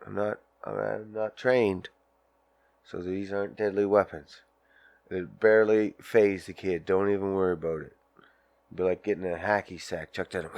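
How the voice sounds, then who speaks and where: A man's voice: on the low side, normal speed, long pauses, no echo. A man hosting a casual podcast, ranting in a crude, profane, rambling way and acting out little scenes while smoking a joint. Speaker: podcast host. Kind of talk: casual solo podcast rant.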